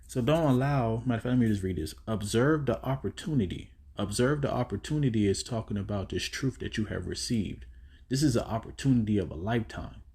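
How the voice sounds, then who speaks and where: A man's voice: on the low side, fast, a little mellow. A man giving a casual sermon while seated, reading verses and explaining them in loose, conversational street-style talk. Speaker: preacher teaching scripture. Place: indoors, seated.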